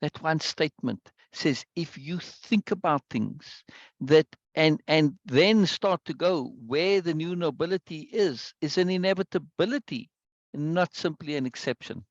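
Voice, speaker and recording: A man's voice: a little high, unhurried, no echo, lo-fi sound. A man leading a book discussion, explaining passages aloud and often stopping to ask "right?", with restarts and repeated words.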